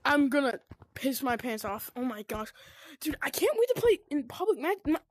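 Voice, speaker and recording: A woman giving excited gameplay commentary, gushing and squealing, with "oh my gosh" and "dude" constantly. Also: high voice, moderate pace. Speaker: gaming video creator.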